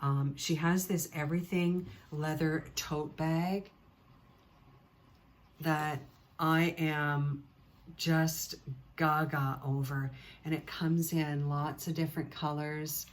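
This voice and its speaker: Chatty woman host, low voice, gushes as she recommends, lots of ums. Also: little pitch movement, slow. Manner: chatty and gushing, with many fillers. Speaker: knitting podcast host. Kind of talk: casual chat to camera.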